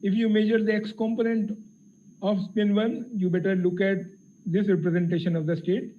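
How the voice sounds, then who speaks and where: A man with a fairly high voice walks through a physics lecture, careful and explanatory, pausing often on fillers. The audio is thin and phone-like. A faint hiss sits underneath it. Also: little pitch movement. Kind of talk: technical lecture.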